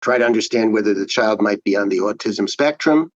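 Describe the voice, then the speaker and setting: A man, a child psychiatrist, giving measured, explanatory answers in an interview. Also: on the low side, muffled recording.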